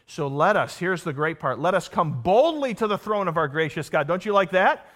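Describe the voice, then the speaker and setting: A man preaching a sermon with a fairly high voice. He drives each point home with rhetorical questions, jumping up in pitch and volume before dropping to a low, quiet emphasis. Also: lively intonation, normal speed. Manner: emphatic preaching with rhetorical questions, swinging between loud and hushed. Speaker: pastor.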